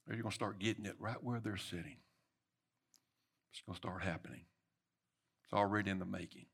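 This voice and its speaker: A middle-aged man preaching a sermon, swinging between loud emphatic bursts and soft murmured lines. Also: sits low, a little fast, gravelly, husky.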